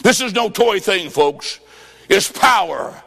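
A man preaching a revival sermon, telling a story and then calling people to prayer, with dramatic swings from quiet lines to shouting. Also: high voice, lively intonation, slow pace. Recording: long hall reverb.

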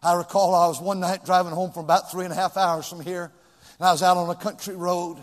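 A male pastor preaching a sermon in a church, swinging from shouts to hushed whispers. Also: high voice, little pitch movement, quick pace, in a large hall.

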